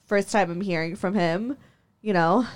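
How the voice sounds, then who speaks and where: A woman's voice: normal speed, clear, resonant tone. Young woman host spilling a story, fiery, sweary, lots of fillers and laughs. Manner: heated, profane, frequent laughs, many "like" fillers; jumps in pitch when worked up. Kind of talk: casual chat.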